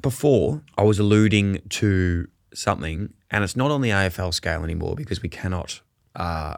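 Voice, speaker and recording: A man with an Australian accent hosting a sports podcast in excitable, swearing banter. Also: sits low, moderate pace, vocal fry, no echo, studio quality. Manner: excitable, laughs a lot, swears. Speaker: podcast co-host. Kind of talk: casual banter.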